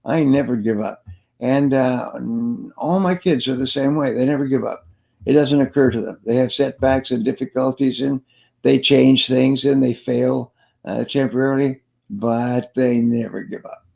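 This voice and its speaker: A man's voice: medium pitch, fairly even intonation, normal speed, gravelly, a little mellow. An older man, a sales trainer being interviewed, telling stories and giving advice in an earnest way, repeating key phrases for emphasis. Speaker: sales trainer and guest speaker.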